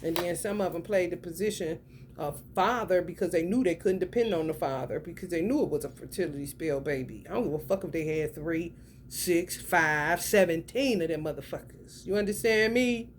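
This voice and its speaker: A young woman giving a casual tarot reading, blunt and profane, full of slang, swinging from loud outbursts to low mutters. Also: brisk, a little hiss or hum. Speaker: tarot reader.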